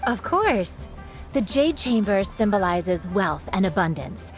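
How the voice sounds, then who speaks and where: A woman's voice: mid-range voice, big pitch swings, slow. A welcoming shopkeeper selling kites in a game, chatty and eager to show her wares, with faint music behind. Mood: salesy. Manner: welcoming sales patter. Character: friendly female kite shop seller.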